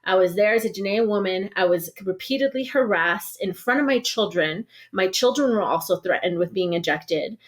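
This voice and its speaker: Guesting on a podcast, a woman organizer from the Navajo Nation tells an animated story about an experience, leaning heavily on "like" and frequently restarting. Her mid-range voice moves at normal speed with hardly any pauses.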